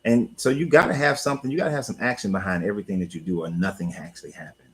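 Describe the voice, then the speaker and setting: Blunt guy ranting on his stream, low husky voice, cusses a lot. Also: racing, rough recording. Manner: blunt, swearing, animated, laughs often. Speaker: host. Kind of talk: casual livestream talk.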